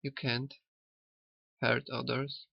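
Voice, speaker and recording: Slow, gravelly man with halting speech. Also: medium pitch, level tone, no echo. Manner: halting, slow, repeats himself, chuckles. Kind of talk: rambling spiritual commentary on a cartoon. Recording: dull lo-fi sound.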